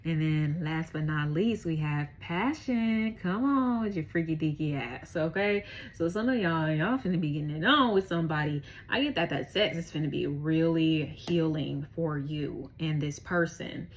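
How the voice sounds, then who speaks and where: Slangy woman tarot reader, lowish voice, casual and profane, faint room hiss. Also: moderate pace, hardly any pauses, poor audio. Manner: chatty, slangy and profane, laughs often. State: out of breath.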